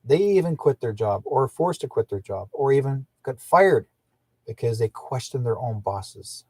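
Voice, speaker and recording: Older man, husky, dry close mic, indignant rambling livestream talk. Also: medium pitch, lively intonation, moderate pace, a little mellow, dry recording. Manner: indignant, repetitive, restarts often. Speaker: livestream host.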